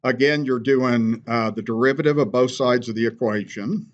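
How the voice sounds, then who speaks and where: A man's voice: medium pitch, steady tone, moderate pace, muffled recording. A man teaching a math class, patiently walking through steps and checking in with "okay?". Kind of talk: classroom lecture.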